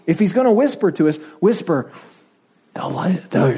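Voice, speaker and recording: Animated, husky-voiced male pastor. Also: fairly high pitch, moderate pace. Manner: animated, playful, acts out whispered asides. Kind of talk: sermon.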